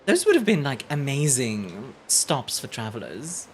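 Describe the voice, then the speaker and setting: Low-voiced, very animated young woman streamer. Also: a little slow, a little hiss or hum. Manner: chatty and playful, laughing often, rambling asides to chat. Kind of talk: casual live-stream game commentary.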